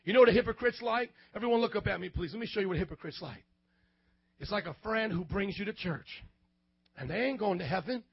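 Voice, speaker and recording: A young man preaching a casual, slangy youth sermon in a church, acting out voices and rising to shouts. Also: high voice, lively intonation, fast, husky, no room sound, dull audio. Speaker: youth pastor.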